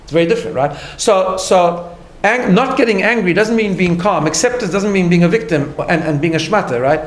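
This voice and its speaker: A man with a fairly high voice is teaching a class. He talks in an earnest, patient way and keeps checking in with his listeners. The sound carries a noticeable room echo. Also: lively intonation, a little fast. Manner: earnest, explains step by step, tags lines with "right?". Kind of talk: recorded class lecture.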